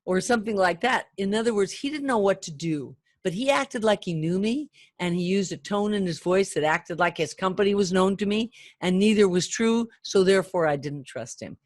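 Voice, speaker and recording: An older woman teaches phone etiquette in a chatty, animated manner and acts out the lines of callers and customers. Her voice sits at an ordinary middle pitch. It is recorded close and dry, with no room sound. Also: normal speed, few pauses, no echo. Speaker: phone sales trainer. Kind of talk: training talk to camera.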